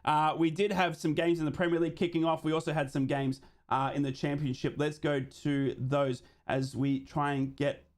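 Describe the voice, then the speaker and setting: Man calling football play-by-play, higher voice. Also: flat delivery, normal speed, hardly any pauses. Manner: running play-by-play that reads out viewer comments. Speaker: host of a live match watchalong stream. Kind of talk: live play-by-play football commentary.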